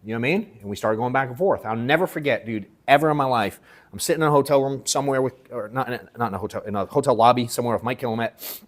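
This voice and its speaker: A man holding forth to a workshop crowd with a loose, slangy storytelling style, swearing freely. He acts out what people said to him with animated quotes. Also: mid-range voice, rapid-fire. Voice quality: slangy and profane, animated retelling with acted quotes. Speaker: sales coach speaking at a workshop. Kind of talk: casual storytelling to a live audience. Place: event room at an in-person workshop.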